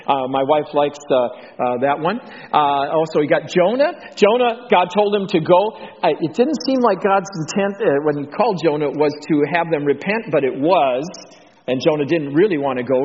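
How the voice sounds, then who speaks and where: A man with a Texan drawl preaching an informal sermon on missions, rambling with ums and restarts, getting animated. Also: a little high, normal speed. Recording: dull lo-fi sound with long hall reverb.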